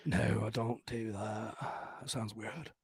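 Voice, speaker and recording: A man's voice: on the low side, steady tone, slow, breathy edge, no echo. A man co-hosting a comedy podcast, rambling with crude jokes and lots of fillers. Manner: vulgar, joking, rambling with fillers. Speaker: podcast co-host.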